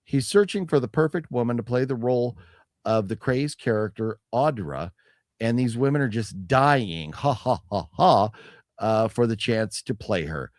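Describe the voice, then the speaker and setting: A man's voice: medium pitch, animated, moderate pace, a little mellow, no echo, clean studio sound. A man hosting a casual chat about a movie haul, rambling with restarts and reading chat comments aloud. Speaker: show host.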